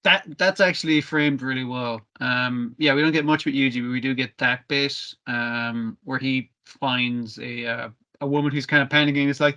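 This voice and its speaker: A man's voice: medium pitch, fairly quick. A man recapping anime on a podcast in casual chat, swearing a lot and acting out the characters' lines. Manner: swearing, animated, acts out quotes. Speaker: podcast co-host.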